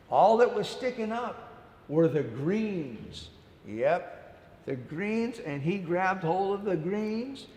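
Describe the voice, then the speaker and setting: Playful male storyteller for small kids, high lively voice, unhurried, boomy reverberant room. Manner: animated, acts out the story with playful character voices. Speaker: children's storytime presenter. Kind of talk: storytelling to young children. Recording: echoey room with long reverb.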